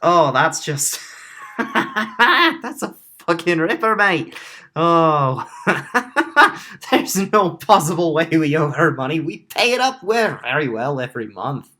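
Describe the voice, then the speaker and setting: A man voicing a brash male metal warforged pirate captain, high, loud and mocking. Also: very animated, slow pace, full character voice. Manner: laughing, cocky, high and loud. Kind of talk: tabletop role-play voice.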